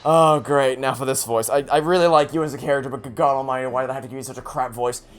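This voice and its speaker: A man commentating on a game he is playing for the first time, animated and sarcastic. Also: medium pitch, fast, soft background music. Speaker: let's play host. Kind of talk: gameplay commentary.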